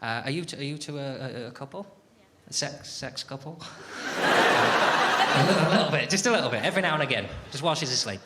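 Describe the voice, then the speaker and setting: A man's voice: mid-range voice, quick pace. A man doing sardonic stand-up comedy, swearing freely and chatting with the crowd on a theatre stage. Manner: sardonic, lively, swears a lot, chats with the crowd. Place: theatre stage before a laughing audience. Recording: live show with loud crowd noise.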